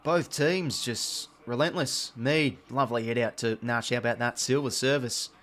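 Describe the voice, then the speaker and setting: An Australian man hosting a live watch-along, calling the play as it happens, getting excited on big plays and chatting to his viewers in between. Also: mid-range voice, normal speed. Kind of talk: live play-by-play commentary over a match.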